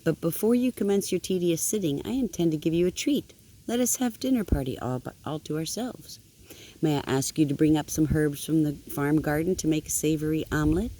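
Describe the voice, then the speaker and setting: Grandmother voicing a sly, polite fox gentleman. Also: low voice, a little fast. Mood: courteous. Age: older. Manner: courteous, smooth-talking.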